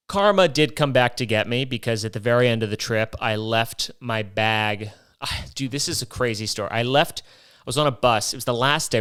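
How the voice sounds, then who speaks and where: A man's voice: medium pitch, a bit bright, clear, resonant tone, no room sound, studio quality. A young man telling a rambling, profane comic monologue as host, ranting with mock indignation. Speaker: comedy podcast host.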